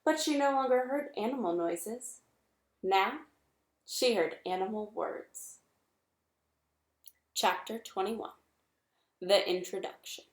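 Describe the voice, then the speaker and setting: Woman narrator, expressive storybook reading, mid pitch, roomy echo. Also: slow, long pauses. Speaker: reader. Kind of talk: reading a children's novel aloud.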